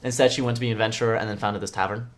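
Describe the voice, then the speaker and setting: A man narrating as game master, relaxed and a little hesitant, pausing on fillers. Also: on the low side.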